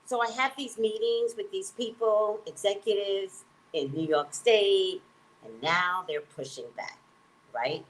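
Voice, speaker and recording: A woman who works as a psychic reader, telling a personal story in an emphatic, animated way and acting out the dialogue. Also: mid-range voice, a little slow, a little hiss or hum, low-quality recording.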